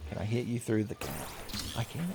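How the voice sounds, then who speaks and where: A gaming video host plays through a let's-play, joking around, swearing freely and laughing often. His mid-range voice is animated with some vocal fry at a normal speed, and music plays in the background.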